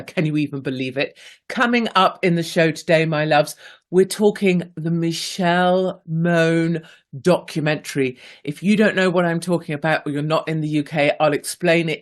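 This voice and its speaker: A woman, hosting a radio talk show in a chatty, playful way and reading listener messages aloud. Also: low voice. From England. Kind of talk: casual talk radio monologue.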